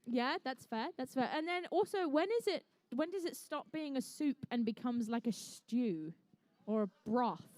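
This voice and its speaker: New woman, event MC. High, bright, enthusiastic, jokes between play-by-play; dry, close sound. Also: expressive, moderate pace, no room sound. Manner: bubbly, jokey, enthusiastic. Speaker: event commentator and MC. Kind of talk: live competition commentary with playful banter.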